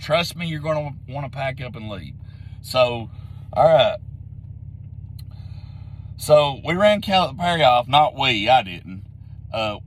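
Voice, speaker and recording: A man ranting bluntly about sports, repeating his points, sounding a little hoarse from being sick. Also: medium pitch, fairly bright tone, a little hiss or hum, low-quality recording. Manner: blunt, repetitive, heated. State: getting sick, slightly hoarse. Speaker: sports commentary vlogger. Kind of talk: opinionated rant to camera.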